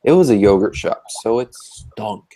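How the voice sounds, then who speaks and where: A man's voice: lowish voice, animated, normal speed, warm tone, low-quality recording. A young man hosting a livestream, laid-back, telling a work story and reading chat aloud. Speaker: livestream host. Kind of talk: casual chat.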